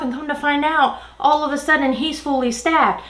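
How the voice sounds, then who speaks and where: A woman's voice: high voice, normal speed, few pauses, roomy sound. A woman venting an exasperated work story in a casual storytime while doing her makeup. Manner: ranting, exasperated, animated retelling. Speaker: beauty vlogger.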